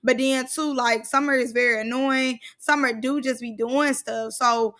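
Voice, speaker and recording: A woman's voice: high-pitched, steady tone, a little slow, a bit bright. A woman vlogger recapping a reality show in casual, blunt, slangy commentary.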